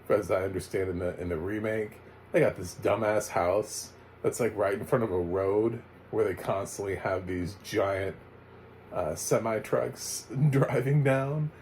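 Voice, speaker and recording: A man's voice: lowish voice, a little mellow, slight background noise, low-quality recording. A man casually reviewing a film, rambling and chatty with frequent laughs and fillers. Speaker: movie reviewer.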